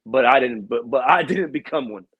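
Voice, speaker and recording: A man's voice: moderate pace, slightly rough, dry recording, low-quality recording. A young man hosting a podcast, telling a profane story in casual chat and acting out other people's lines with a raised voice. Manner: animated, profane, acts out quotes with raised pitch. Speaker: podcast host.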